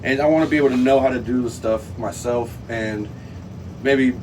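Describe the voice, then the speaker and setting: A man talking as a podcast guest, relaxed and rambling, with lots of fillers. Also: mid-range voice, normal speed. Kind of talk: casual chat. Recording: distant mic with clear background noise.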